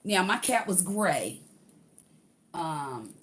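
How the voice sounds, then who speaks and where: A woman's voice: on the low side, sing-song, drawn-out words, a bit bright. An older woman, chatting casually to livestream viewers while unboxing a craft kit.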